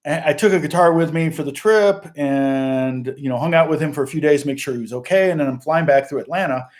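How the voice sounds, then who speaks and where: A middle-aged man with a slightly higher voice than most men tells a long personal story on his channel. He rambles, stops and restarts sentences, and laughs along the way, like a relaxed host chatting with viewers. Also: fairly quick. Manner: rambling, self-interrupting, laughs often. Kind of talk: casual storytelling livestream.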